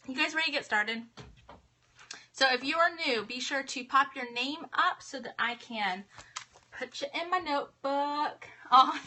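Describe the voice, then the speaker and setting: Woman, 30s, home live-stream host; high, bright, chatty, welcoming. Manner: chatty, bubbly, reads out viewer names. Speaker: livestream host. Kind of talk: casual live-stream chat greeting viewers. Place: home office.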